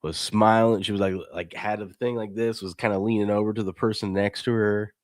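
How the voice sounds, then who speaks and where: Male co-host, very low pitch, dry, casual stream banter, reads chat aloud. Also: a little fast, dry recording. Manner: reads viewer chat aloud, rambling and excitable. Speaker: sports show co-host.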